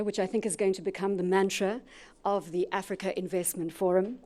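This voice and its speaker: A woman moderating an event, giving formal stage introductions with animated, repeated emphasis on key words. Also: mid-range voice, brisk.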